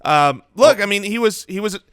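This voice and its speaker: Animated man talking fantasy football. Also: sits high, normal speed, clean tone, no room sound, clean studio sound. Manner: animated, playful, jokes and sings snippets. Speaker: podcast co-host. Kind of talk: fantasy football podcast chat.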